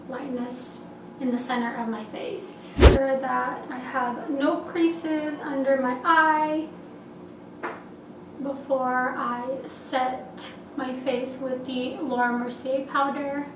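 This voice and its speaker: A young woman narrating a makeup tutorial in a chatty, upbeat, gushing way, recorded in a small apartment. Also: high-pitched. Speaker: makeup vlogger. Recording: echoey room, distant mic, faint hiss.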